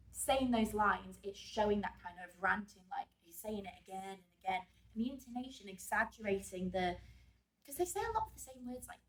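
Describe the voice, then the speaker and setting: A woman's voice: medium pitch, expressive, normal speed, recorded from a distance. A woman drama teacher giving an exam revision lesson, chatty and full of fillers, who checks in with her class. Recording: echoey room, voice off-mic.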